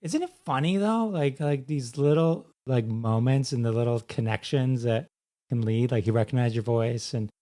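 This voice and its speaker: A man's voice: mid-range voice, normal speed, warm tone. A male podcast host with a mid-range voice asks questions in a casual, eager way. His speech is loose and full of "like" as he works toward his point. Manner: eager, leans on "like" as a filler. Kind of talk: casual interview chat.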